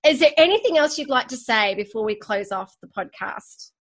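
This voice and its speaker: Woman, Australian accent, podcast host, chatty, laughs often, slightly high voice. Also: animated, normal speed, fairly bright tone. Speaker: podcast host and awards organizer. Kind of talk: casual conversational interview.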